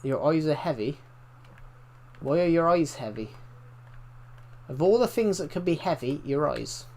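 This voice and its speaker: A man's voice: on the high side, expressive, measured pace, a little mellow. A young British man chatting casually while live-streaming a game and reading out viewer comments, rambling with restarts and mild swearing. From Britain.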